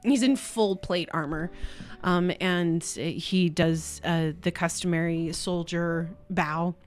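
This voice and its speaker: A woman's voice: fairly low pitch, fairly even intonation, takes it slowly, faint music behind. A woman narrating a tabletop game as game master, chatty and stopping often to correct herself.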